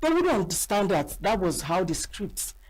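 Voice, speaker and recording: A middle-aged Nigerian woman, an actress, chatting in an interview and telling animated stories with acted-out quotes. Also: mid-range voice, moderate pace, breathy edge. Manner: animated storyteller acting out quoted voices. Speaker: actress and guest. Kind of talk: casual interview chat.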